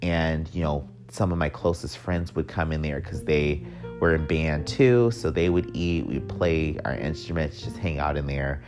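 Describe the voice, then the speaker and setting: A man's voice: a bass voice, normal speed, a little mellow, soft background music. A young man telling a personal story in a candid, profane way, with wry joking asides.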